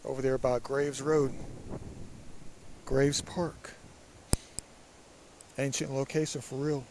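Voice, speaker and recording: A man with a raspy, allergy-stuffed voice, musing and rambling in a casual vlog by a creek. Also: medium pitch, little pitch movement, slow, noisy background. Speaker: vlogger. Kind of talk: casual walking vlog monologue. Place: outdoors by a creek.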